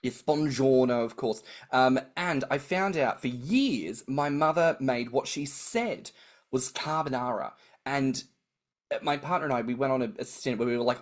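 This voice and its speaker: An Australian man co-hosting a podcast, chatting casually and telling animated stories, acting out quoted voices and swearing freely. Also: medium pitch, moderate pace. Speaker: podcast co-host. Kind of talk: casual chat.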